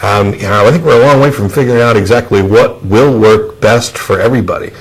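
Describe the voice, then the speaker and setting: A man hosting a studio discussion show, speaking in a measured, thoughtful way with frequent fillers. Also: fairly low pitch, husky, rough recording. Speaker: show host.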